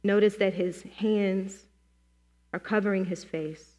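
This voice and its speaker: A woman preacher leading a slow, gentle guided meditation and prayer in a church. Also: medium pitch, fairly even intonation. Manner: gentle, slow, inviting with many pauses. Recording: long hall reverb.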